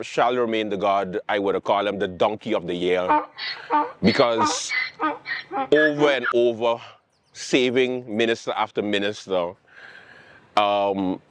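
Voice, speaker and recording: A man hosting a late-night comedy show, ranting about politics in a sarcastic, animated way. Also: fairly low pitch, dry recording. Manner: animated, sarcastic, mocking quotes and repetition. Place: outdoors with planes overhead.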